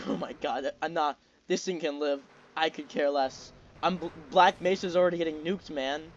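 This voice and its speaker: A young man giving excitable, profane commentary while playing a video game, talking to the enemies on screen. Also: fairly high pitch, normal speed, lo-fi sound, a little hiss or hum. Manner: excitable, swears often, talks to the game. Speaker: gaming video creator. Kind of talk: gameplay commentary.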